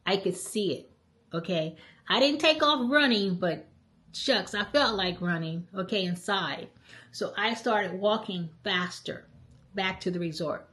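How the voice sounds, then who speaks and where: A woman's voice: on the low side, a little slow. Middle-aged woman telling a travel story. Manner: animated, emphatic retelling with frequent "okay?" check-ins. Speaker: travel vlogger. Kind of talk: casual storytelling to camera.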